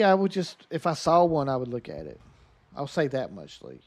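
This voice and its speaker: A man's voice: mid-range voice, huge pitch swings, moderate pace. Chatty male game streamer. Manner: chatty, talks to viewers by name. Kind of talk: casual live gameplay commentary.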